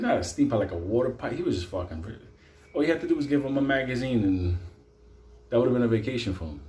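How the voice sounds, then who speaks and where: A man telling a story in a profane, animated, conversational way. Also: medium pitch, echoey room. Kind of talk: comic storytelling.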